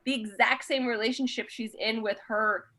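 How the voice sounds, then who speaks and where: A woman hosting a comedy podcast, reading listener questions and trading quick opinions with a laugh. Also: fairly high pitch, fairly even intonation, bright, forceful tone. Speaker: podcast host. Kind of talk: casual comedy chat.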